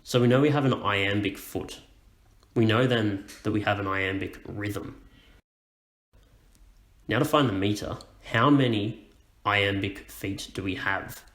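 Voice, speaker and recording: A man teaching a lesson, explaining things slowly and clearly. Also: fairly low pitch, a bit bright, reverberant, low-quality recording. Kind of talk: educational explainer.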